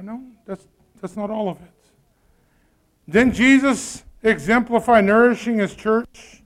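A man's voice: high voice, a little slow. A man preaching a sermon in a conversational way, often putting questions to the congregation. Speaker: pastor.

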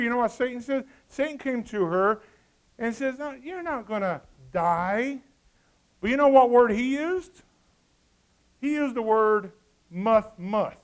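High-voiced, folksy male preacher. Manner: lively, folksy, joking asides to the congregation. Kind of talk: sermon.

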